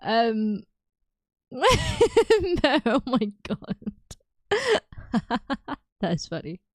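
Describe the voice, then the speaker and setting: A chatty young woman talking to her viewers on a stream, her voice on the higher side. She rambles in a loose, giggly way, full of little fillers. The sound is close and dry, with no room around it. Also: sing-song, extremely slow, dry recording. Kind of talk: casual chat with live chat.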